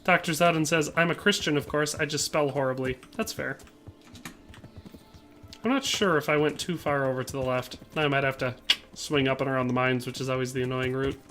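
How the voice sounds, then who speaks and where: Soft background music plays as this man chats through a game stream at a fairly quick clip. His medium-pitched voice stays steady and fairly bright while he jokes around in reply to viewer comments.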